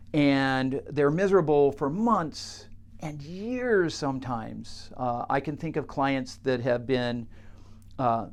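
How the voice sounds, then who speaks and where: Halting man telling a teaching story. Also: mid-range voice, darkish tone. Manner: halting, many fillers and restarts. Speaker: coach working with clients.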